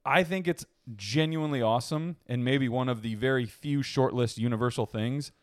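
A man's voice: mid-range voice, normal speed, dry recording, studio quality. A man co-hosting a podcast in casual chat, rambling, laughing often and swearing freely. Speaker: podcast co-host.

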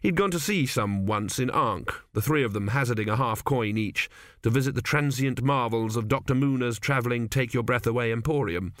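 A man's voice: medium pitch, fairly quick, fairly bright tone, no room sound, clean studio sound. Man reading a comic novel aloud. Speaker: audiobook narrator. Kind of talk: scripted comic narration.

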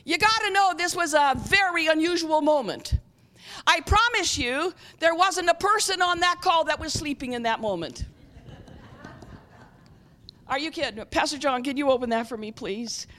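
A woman preaching a sermon as a guest speaker. She keeps asking the audience whether they are with her and often clears her throat. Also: high-pitched, moderate pace, bright, forceful tone. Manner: engaging, repeatedly checks with the audience.

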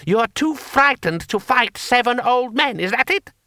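A man voicing an imperious, cold-tempered male warlord who sneers and snarls in a high, tight voice. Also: animated, measured pace, pushed and bright, no echo, clean studio sound, heavily acted. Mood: shrill, sneering.

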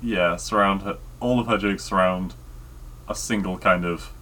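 A man co-hosting a podcast in easygoing casual chat, often halting to find his words. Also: low-pitched, fairly even intonation, bright, forceful tone, a little hiss or hum. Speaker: podcast co-host.

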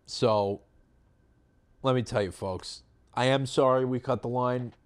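A man co-hosting a podcast in casual chat, telling stories in a rambling, relaxed way. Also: mid-range voice, a little slow, smooth. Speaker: podcast co-host.

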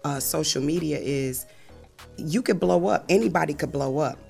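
A woman's voice: low voice, moderate pace, creaky, a little mellow, faint music behind. A woman in her thirties, a comedian, chatting casually and laughing easily, often trailing off and restarting. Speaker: comedian and show creator. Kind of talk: casual chat.

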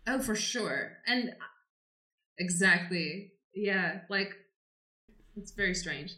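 A woman's voice: mid-range voice, slow, bright, forceful tone. A woman co-hosting a fan podcast, chatting playfully and giggling often. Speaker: podcast co-host. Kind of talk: casual fan podcast chat. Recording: roomy echo.

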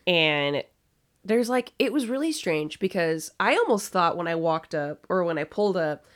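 A woman's voice: fairly low pitch, animated, moderate pace. A young woman co-hosting a podcast, telling work stories in a blunt, casual way and swearing freely. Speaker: podcast co-host. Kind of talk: casual chat.

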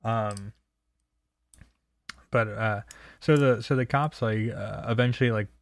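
This young storyteller from New Jersey, USA, has a lowish, gravelly voice and speaks slowly, with slight background noise behind him. He shares personal stories casually, in a chatty, profane, loose manner.

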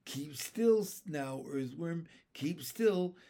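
A man voicing a young boy in a storybook reading, speaking in a hushed, urgent tone. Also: fairly high pitch, expressive, slow, gravelly, full character voice.

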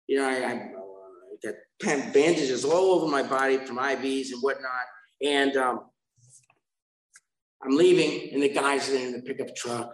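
A man's voice: medium pitch, reverberant, low-quality recording. A man sharing his recovery story at a meeting, rambling and self-mocking, with asides to the listeners.

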